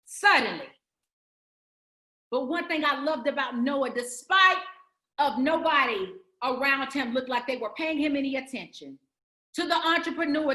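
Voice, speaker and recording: A woman's voice: high voice, sharp tone, roomy sound. A woman giving a motivational speech to entrepreneurs, preacherly and emphatic, building through repeated phrases. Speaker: summit speaker.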